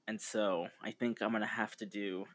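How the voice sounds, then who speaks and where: A man's voice: lowish voice, level tone, moderate pace, fairly bright tone. A man co-hosting a podcast, chatting casually in a rambling, laid-back way with frequent fillers. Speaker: podcast co-host. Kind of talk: casual chat.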